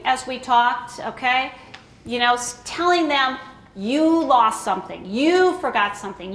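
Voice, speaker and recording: A woman's voice: sits high, a bit bright, reverberant. A woman giving an informal talk to a room of caregivers, chatty and often asking "okay?" to check in with the audience. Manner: conversational, checks in with frequent "okay?". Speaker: presenter at a caregiver education talk.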